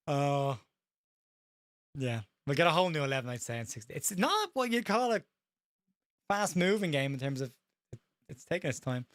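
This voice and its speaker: A man with an Irish accent calls a live football match in a quick, slightly high voice, tripping over names as he goes. The sound is dry and close, with no room echo. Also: big pitch swings, fairly bright tone. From Ireland. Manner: fast-talking, stumbles over names. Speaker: host. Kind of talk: live match watch-along commentary.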